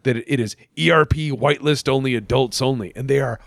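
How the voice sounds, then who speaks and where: A man chatting casually as a podcast host, telling stories with loud laughs and acted-out quotes. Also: medium pitch, a little fast, vocal fry, no echo, studio quality. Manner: animated storyteller, acts out quotes, laughs loudly. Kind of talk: casual chat.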